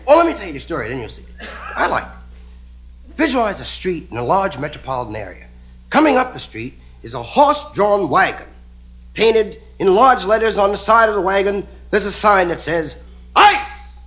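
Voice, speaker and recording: A man's voice: sits high, sing-song, fairly quick, fairly bright tone, rough recording. A male stand-up comedian telling a story with playful, mock-serious asides. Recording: hissy 1970 live comedy record.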